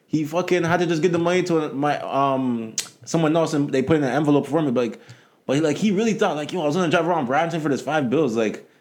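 Fast-talking man telling stories. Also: a little high. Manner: animated storyteller, acts out quoted people. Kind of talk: casual chat.

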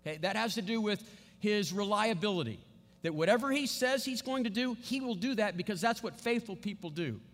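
High-voiced man teaching in a reverberant hall. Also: lively intonation, fairly quick, a bit bright. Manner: coaching, checks in with frequent "okay?". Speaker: Bible teacher. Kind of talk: church teaching session.

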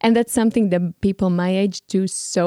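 European woman, non-native English speaker, warm mellow tone, dry close sound, relaxed guest. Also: medium pitch, fairly quick, dry recording. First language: not English. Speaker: podcast guest. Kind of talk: casual conversation.

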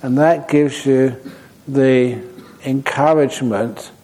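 A man, a Buddhist monk answering audience questions in a dharma talk, humorous and anecdotal in an unhurried way. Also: mid-range voice, steady tone, dark tone, poor audio. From Australia.

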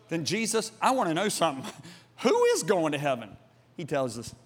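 A middle-aged man preaching a sermon, emphatic and theatrical, jumping from shouts to hushed asides. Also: on the high side, sing-song, a little fast, husky, big-room sound.

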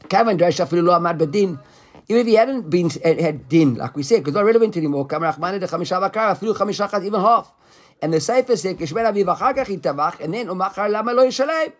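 Talking very fast in a slightly higher voice, a man teaches Talmud to a study class. He explains each step animatedly, performs the rabbis' words as he reads, and keeps quizzing a student.

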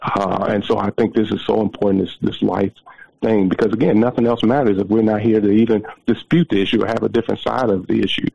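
A man's voice: fairly low pitch, steady tone, quick pace, vocal fry, darkish tone, slightly rough. A man in his forties telling a personal story as a guest, emotional and repeating his words, heard over a muffled phone line. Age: 40s. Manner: emotional, repeats words, preacherly near the end.

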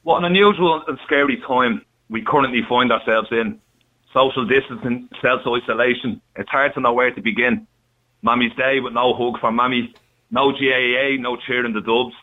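A man's voice: medium pitch, steady tone, normal speed. A man calling a radio show on speakerphone, reading out a cheeky poem and joking with the host. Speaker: caller reciting a poem. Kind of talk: phone call, reading a poem aloud. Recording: tinny phone line on speakerphone.

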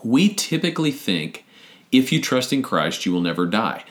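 Lively low-voiced man explaining scripture. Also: moderate pace. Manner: thoughtful, explains step by step, frequent restarts. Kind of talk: casual theological discussion.

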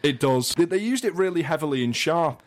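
A man from England co-hosting a casual podcast chat, telling animated stories with frequent restarts. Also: a little high, a little fast. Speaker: podcast co-host.

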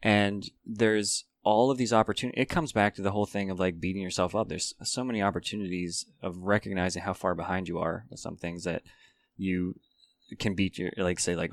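A man's voice: low voice, flat delivery, fairly quick, no room sound. Man in casual, reflective podcast chat.

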